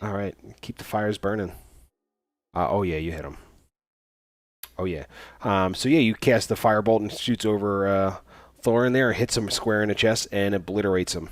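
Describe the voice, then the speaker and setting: A man's voice: lowish voice, normal speed, dry recording. A man narrating as dungeon master in casual, hesitant talk full of fillers. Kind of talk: narrating a tabletop game.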